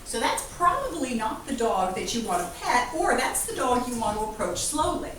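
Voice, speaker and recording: A woman veterinarian giving a playful, animated talk to a class of children, asking them questions. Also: on the high side, moderate pace. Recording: echoey room from far off, faint noise.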